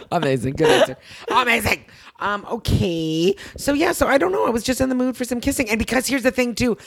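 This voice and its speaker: Lively, animated woman podcast co-host. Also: a little high, a little fast, vocal fry, no echo. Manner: animated storytelling, laughs often. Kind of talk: casual chat.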